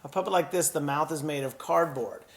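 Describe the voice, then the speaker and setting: A man teaching a children's puppetry lesson in a gentle, encouraging way, breathing and sighing aloud to show each emotion. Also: a little high, brisk, vocal fry.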